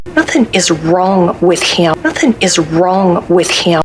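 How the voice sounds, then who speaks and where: A woman's voice: on the low side, lively intonation, takes it slowly. A woman playing a stern mother who talks curtly and makes threats. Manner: curt, threatening. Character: stern, sharp-tongued mother. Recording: show clip with crowd behind. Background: crowd.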